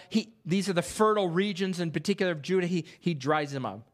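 A man preaching an expository sermon in a church, reading scripture aloud and posing rhetorical questions with animated delivery. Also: sits high, fast, hardly any pauses. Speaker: pastor. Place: church sanctuary.

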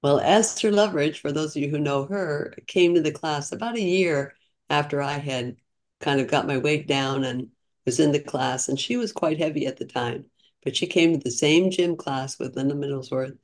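This sixty-something woman talks at a moderate pace in a low-pitched voice. As a podcast guest in a casual storytelling interview, she shares her story in an earnest, chatty manner, frequently starting over.

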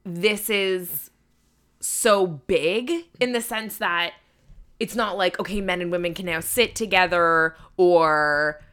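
A woman's voice: lowish voice, slow, fairly bright tone, clean tone. A woman from Canada co-hosting a comedy podcast, thinking aloud and teasing in casual chat.

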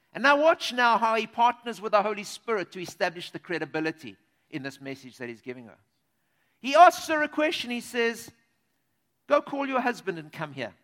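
A man preaching a sermon in an animated, conversational way, speaking directly to his listeners. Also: high voice.

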